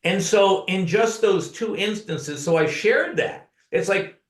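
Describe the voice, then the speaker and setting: An earnest man telling personal stories as an interview guest. His voice sits a little high for a man. He is recorded in a roomy, echoey space. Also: lively intonation, slow. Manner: earnest storyteller who addresses the host by name. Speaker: podcast guest, author. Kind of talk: conversational storytelling.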